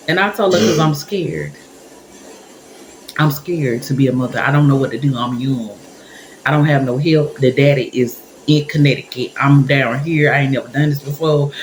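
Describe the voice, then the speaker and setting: A woman telling a personal story straight to her viewers in a casual, animated way, acting out what people said. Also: sits low, reverberant, a little hiss or hum, poor audio. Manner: animated, talks to viewers directly and acts out quotes. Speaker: storyteller vlogger.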